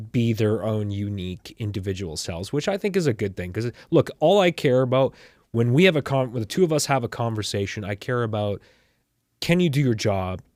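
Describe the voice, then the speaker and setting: A man's voice: lowish voice, darkish tone, no echo, clean studio sound. A man from Canada with a Canadian accent, a podcast producer in casual chat. He speaks earnestly and emphatically, often repeating his point.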